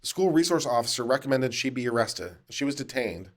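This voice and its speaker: A man's voice: medium pitch, animated, brisk. A man hosting a legal commentary show, reading a news article aloud and adding dry, sarcastic remarks along the way.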